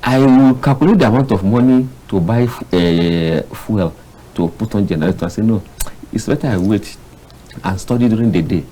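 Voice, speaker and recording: A Nigerian man, a public affairs analyst, giving heated, exasperated commentary on a studio panel, his voice jumping to sudden high bursts. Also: normal speed, dark tone, slight background noise, low-quality recording.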